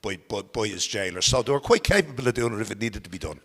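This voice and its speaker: A man's voice: fairly low pitch, animated, quick pace, a bit bright, husky. A man at a public talk making an insistent point, stumbling over his words a little. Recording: hall with long reverb.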